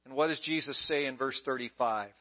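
A man's voice: mid-range voice, fairly quick. Male pastor, sermon, emphatic, repeats key lines, dull lo-fi sound.

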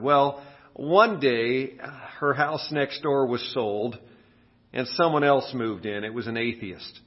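A man preaching a sermon while getting over a cold, his voice sitting a little high. He tells his story with big acted-out exclamations. The recording is dull and lo-fi. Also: a little slow, slightly rough. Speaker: pastor.

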